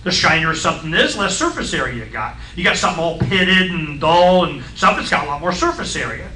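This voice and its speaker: A middle-aged man on a radio talk show, explaining science in a blunt, folksy, excitable way and acting out voices in his stories. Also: fairly high pitch, fairly quick, echoey room, far from the mic, slight background noise, poor audio.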